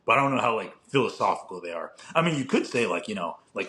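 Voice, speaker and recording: A man's voice: fairly low pitch, big pitch swings, fast, pushed and bright. A young man co-hosting a podcast in casual chat, rambling with lots of filler words and casual swearing. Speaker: podcast co-host.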